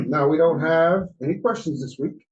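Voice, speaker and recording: A man co-hosting a podcast, giving relaxed, mentoring advice in a casual chat. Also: on the high side, measured pace, dull audio. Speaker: podcast co-host.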